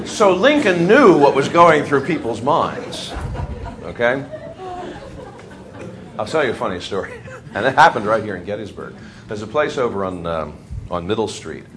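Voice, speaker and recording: Lively, laughing male history lecturer. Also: low voice, noisy background. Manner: animated storyteller, laughs while talking. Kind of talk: classroom lecture with anecdotes. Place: lecture room with students.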